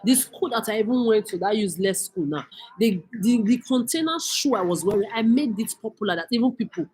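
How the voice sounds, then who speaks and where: A woman's voice: mid-range voice, animated, fairly quick, darkish tone. A woman from Nigeria, delivering a heated, profane, accusing rant as a vlogger. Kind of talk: angry profane rant to camera.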